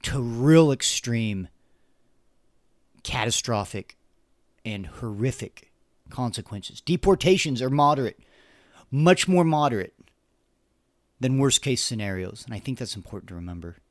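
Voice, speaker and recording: A man's voice: mid-range voice, lively intonation, unhurried, pauses often, no echo, clean studio sound. Earnest man hosting an opinion podcast. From United States. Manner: earnest, impassioned, repeats words while searching for them. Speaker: podcast host. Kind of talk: solo opinion commentary.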